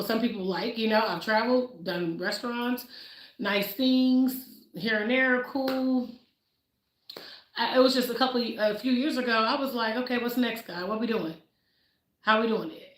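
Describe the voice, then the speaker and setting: A woman in her forties talking casually on a livestream, telling her story with animated delivery and acting out the voices she quotes. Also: fairly high pitch. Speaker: livestream host. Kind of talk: casual motivational livestream talk. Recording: echoey room.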